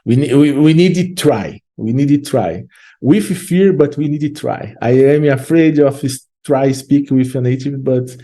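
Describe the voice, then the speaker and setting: A man's voice: mid-range voice, a little slow, mellow. A man from Brazil with a Brazilian Portuguese accent, a guest in an English-learning interview, speaking hesitantly with many fillers and restarts. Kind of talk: casual interview.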